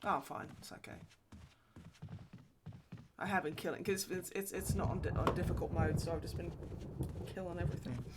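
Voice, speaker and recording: A woman's voice: fairly low pitch, normal speed, long pauses, heavy background noise. A young woman hosting a livestream, chatting casually while she plays, telling stories with lots of swearing and laughter. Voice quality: sweary, laughing, animated storyteller. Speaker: livestream host. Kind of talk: casual chat while gaming.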